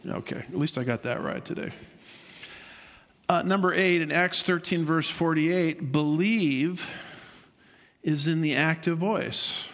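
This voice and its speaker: A man's voice: on the high side, measured pace, fairly bright tone. A man teaching the Bible in a sermon, explaining at length and asking his listeners rhetorical questions. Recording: dull sound with long hall reverb.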